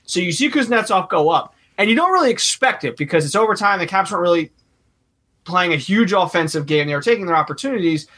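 A man with a slightly high, bright and sharp voice talks in casual podcast chat. He is animated and jumps from point to point as he goes. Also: fast talker. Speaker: podcast co-host.

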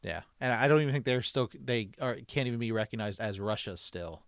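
A man's voice: fairly low pitch, lively intonation, fairly quick, dry recording, studio quality. A man co-hosting a casual sports podcast, chatting easily and switching to upbeat announcer-style segment intros. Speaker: podcast co-host.

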